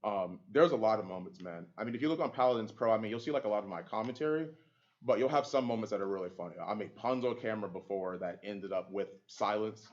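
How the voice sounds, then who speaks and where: Fast-talking man telling stories. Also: on the low side. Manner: fast, laughing storyteller with many fillers. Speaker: esports caster and panelist. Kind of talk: casual panel chat. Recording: dull lo-fi audio.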